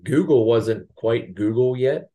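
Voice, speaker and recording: A man's voice: medium pitch, takes it slowly, dark tone. A man appearing as a podcast guest, chatting casually and agreeing often in short replies. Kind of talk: casual chat.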